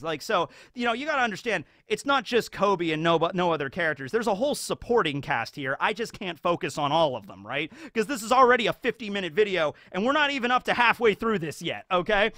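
A man's voice: high voice, a little fast, few pauses, dry recording, studio quality. A man giving casual, rambling fan commentary as a YouTube commentator, full of fillers. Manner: rambling, filler-heavy, animated.

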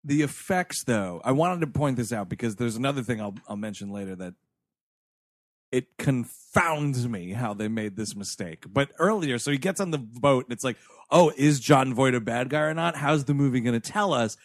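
Comedy podcast co-host, man, lively swooping delivery, dry close mic. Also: medium pitch, moderate pace, no room sound. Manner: animated, profane riffing. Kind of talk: casual comedic movie chat.

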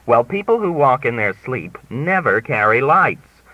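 A man's voice: mid-range voice, very animated, measured pace, dry recording, voice pushed up. A man voicing an opinionated American woman who speaks in an emphatic, know-it-all way, in a dry, slightly dull audiobook recording. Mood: insistent. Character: opinionated, insistent American woman mystery fan.

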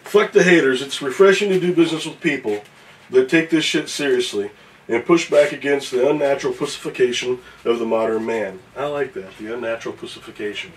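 A man's voice: mid-range voice, fairly quick, recorded from a distance, a little hiss or hum, low-quality recording. A man on a casual morning show reading a viewer's email aloud, cursing and joking as he stumbles through it. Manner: profane, joking, reads with stumbles.

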